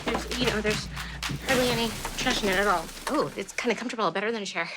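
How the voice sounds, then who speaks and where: A woman's voice: mid-range voice, quick pace, heavy background noise, lightly acted. An actress playing an eager young woman who is a new comedy writer, chattering in a nervous, rambling way in a film clip.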